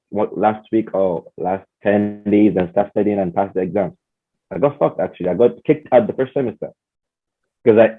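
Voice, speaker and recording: Nigerian man, husky voice, phone-like sound. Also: lowish voice. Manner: relaxed, plain storytelling. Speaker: podcast guest, former master's student. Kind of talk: casual interview talk.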